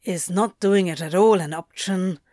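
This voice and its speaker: A woman voicing an irritable, easily flustered adult man in a slow audiobook reading, grumbling and snappish. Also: medium pitch, expressive, no echo, clean studio sound. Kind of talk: audiobook reading of fan fiction.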